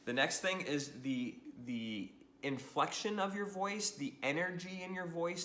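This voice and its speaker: Unhurried and fairly high-pitched, a man delivers an upbeat social media training session to the camera, frequently laughing and tacking "right?" onto his lines. His voice echoes around the room.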